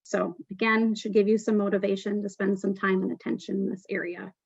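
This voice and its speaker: A woman's voice: mid-range voice, level tone, fairly quick, gravelly, slightly rough, dry recording, lo-fi sound. Woman giving a webinar talk. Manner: explanatory, frequent "um" fillers. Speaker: webinar presenter on tax. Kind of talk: webinar presentation.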